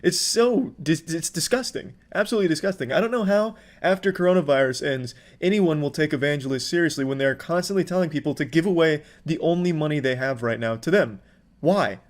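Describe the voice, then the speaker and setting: Man, sarcastic commentary, mock-sincere, heavy swearing, slightly high voice. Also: fairly quick.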